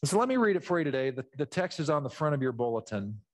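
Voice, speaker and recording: A man's voice: mid-range voice, fast. A man preaching a sermon as pastor, explaining scripture in a teacherly way and acting out the people in the story. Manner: animated, teacherly, acts out voices in the story.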